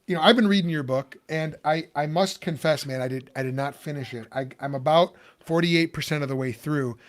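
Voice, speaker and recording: A Chicago podcast host talks a little fast in a slightly high voice. Chatty and meandering, he fills this casual interview with fillers and restarts.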